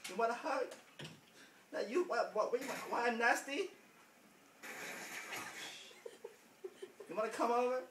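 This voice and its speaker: A man's voice: extremely high pitch, brisk, a bit bright. A man putting on a clingy broken-English caller for a prank phone call, repeating himself. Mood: teasing. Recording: echoey, distant, noisy room recording.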